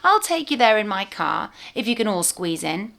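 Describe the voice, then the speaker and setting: A woman's voice: medium pitch, moderate pace, vocal fry. A woman reading a storybook aloud, voicing a fussy, talkative male toy rabbit who drives the car. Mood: obliging. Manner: fussy, sociable and flattering.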